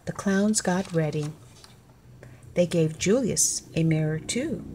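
A woman calmly reading a children's storybook aloud in a measured way. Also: low-pitched, noisy background. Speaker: storybook reader.

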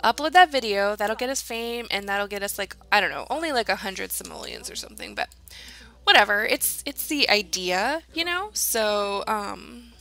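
A woman's voice: mid-range voice, expressive, normal speed, sharp tone. A young woman giving casual, chatty commentary as she plays a life-sim game, talking to her characters and giggling often. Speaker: let's play gamer.

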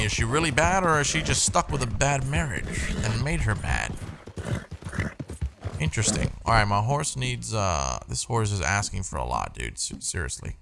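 Gravelly man chatting over gameplay. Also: lowish voice, very animated, normal speed, background noise. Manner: chatty, swearing, easily annoyed. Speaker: gameplay streamer. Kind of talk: casual let's-play commentary. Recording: commentary over loud game music.

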